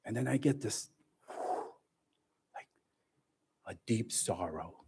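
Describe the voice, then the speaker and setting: A man shares his own faith story at a church gathering, his pitch swinging widely as he talks. He speaks slowly and deliberately and pokes fun at himself along the way. He sounds like a storyteller speaking to a congregation. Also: gravelly, noisy background. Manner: animated storytelling, self-joking, laughs often. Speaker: church speaker giving testimony. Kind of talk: personal testimony at a church livestream.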